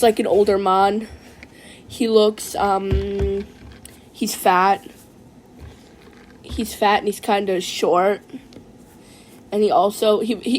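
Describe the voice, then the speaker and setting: A woman's voice: mid-range voice, a little mellow, lightly acted, rough recording. A woman voicing a laid-back young man with a mullet, telling a rambling comic story and ending nearly every sentence with "man". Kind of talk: comedic in-character story time.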